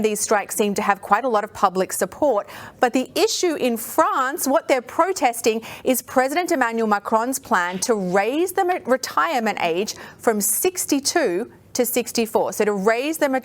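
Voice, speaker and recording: A woman correspondent reports the news in a calm, measured way. Her voice sits slightly high.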